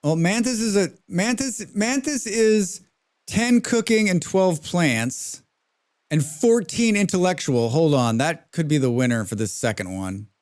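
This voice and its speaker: A man's voice: sits high, lively intonation, a little slow, darkish tone. A man streaming a colony game live, chatting casually and ranting to his viewers while he plays. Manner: chatty, ranting, reads out chat names.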